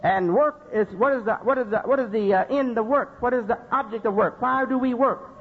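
Man, Muslim preacher, sermon, high-pitched, emphatic repetition, muffled old recording. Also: brisk, breathy edge. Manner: rhetorical questions and emphatic repetition. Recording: dull lo-fi recording with faint noise.

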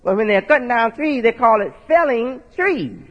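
High husky man preaching in a reverberant hall. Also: lively intonation, normal speed. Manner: folksy, rhetorical asides ending with "right?"; spells out words letter by letter. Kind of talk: sermon-style teaching with a board. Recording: dull lo-fi audio with long hall reverb.

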